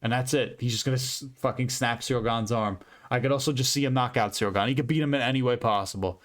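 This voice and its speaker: A man's voice: mid-range voice, quick pace. A young man hosting a fight predictions channel, giving casual, profane, emphatic commentary with lots of rambling.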